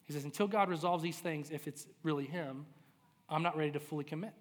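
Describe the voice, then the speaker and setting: Pastor, male, 30s; excitable, self-deprecating preacher telling a story in a big echoing church hall. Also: a little high, fast talker. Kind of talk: sermon storytelling. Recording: reverberant hall.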